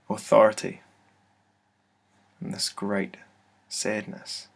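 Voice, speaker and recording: A man telling a personal story to his webcam in an office, hesitant and soft-spoken, full of fillers and restarts. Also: on the low side, level tone, takes it slowly, vocal fry, long pauses. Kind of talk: casual first-person testimony. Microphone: computer webcam mic.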